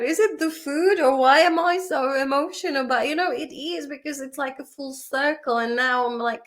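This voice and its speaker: A woman's voice: sits high, normal speed, few pauses, fairly bright tone. Chatty woman teaching English vocabulary. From Czech Republic. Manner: chatty, swearing, laughing, emotional. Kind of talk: casual vlog-style study session.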